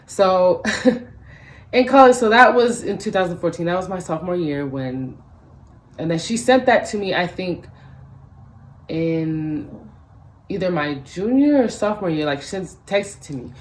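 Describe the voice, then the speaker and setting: Animated ranting young woman vlogger. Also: fairly low pitch, a little slow, pauses often, low-quality recording. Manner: animated, profane, acts out both sides of the story. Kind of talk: ranting storytime vlog.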